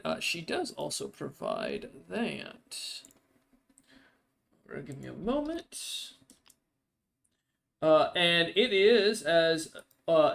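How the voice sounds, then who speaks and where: A man's voice: fairly high pitch, gravelly, fairly bright tone. A man running a tabletop game as game master, narrating loosely with many fillers and restarts.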